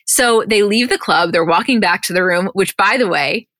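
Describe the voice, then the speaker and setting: Bright, dry-sounding gushing woman podcaster. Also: medium pitch, normal speed, dry recording. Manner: gushing, swears freely, lots of "like". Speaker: podcast co-host. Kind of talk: casual chat recapping a reality show.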